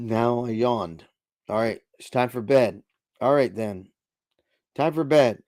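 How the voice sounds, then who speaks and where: A man's voice: mid-range voice, slow pace, pauses often, a little mellow, no echo, studio quality. Laid-back man chatting on a livestream. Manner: chatty, laid-back, reads chat aloud. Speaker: livestream host. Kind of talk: casual live chat reading viewer comments. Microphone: desk microphone.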